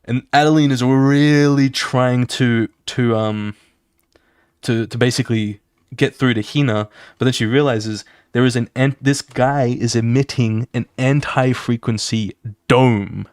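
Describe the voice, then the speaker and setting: A young man streaming while he draws, casually talking through his comic's scenes in an excited, swear-filled way and acting them out with sound effects. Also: mid-range voice, measured pace, clean tone, no echo, clean studio sound. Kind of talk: casual live-stream chat while drawing.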